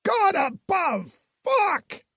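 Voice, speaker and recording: A man's voice: very high voice, wildly swooping pitch, unhurried, creaky, fairly bright tone, husky, no echo, studio quality, pitched above the performer's own voice, full character voice. A man playing a terrified former army major, speaking in desperate, raw outbursts. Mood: screaming.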